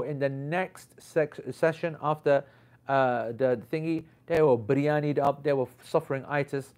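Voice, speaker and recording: A man telling a rambling story in casual chat, lively and full of slang as he teaches and recalls his classes. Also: fairly high pitch, normal speed. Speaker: Islamic teacher. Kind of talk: casual anecdote.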